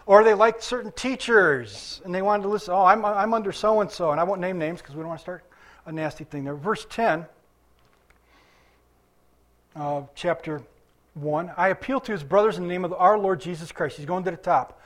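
High-voiced man preaching a sermon. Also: fairly quick. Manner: conversational preaching with asides and chuckles. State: limping after surgery. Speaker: pastor.

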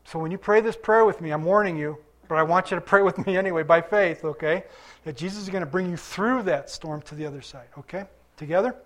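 High-voiced man preaching to a congregation. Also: quick pace. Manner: conversational preaching, quizzing the congregation. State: recovering from illness. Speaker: pastor. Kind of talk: sermon.

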